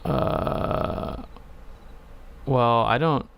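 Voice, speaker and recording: Casual male game streamer; gravelly but smooth voice, rambling, hesitant delivery. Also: mid-range voice, very slow, a bit bright.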